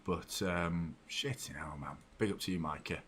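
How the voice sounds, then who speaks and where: Male watchalong host, young adult, sweary, swings from shouting to mumbling. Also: normal speed, a little hiss or hum. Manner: excitable and sweary, jumping from shouts to low muttering. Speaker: football fan channel host. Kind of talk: live match watchalong commentary.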